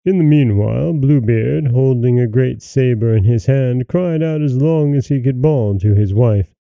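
A man narrating a fairy tale as a podcast host, in measured, even storytelling. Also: mid-range voice, vocal fry, no echo.

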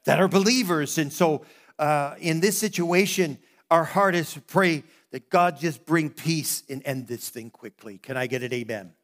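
Higher-voiced man preaching a sermon. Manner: conversational preaching with frequent restarts. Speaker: pastor.

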